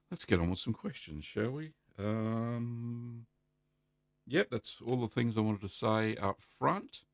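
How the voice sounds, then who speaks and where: A middle-aged Australian man hosting a casual live stream, chatty and relaxed, greeting viewers by name and filling pauses with ums. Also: medium pitch, creaky, no echo, clean studio sound. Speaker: livestream host answering cheesemaking questions.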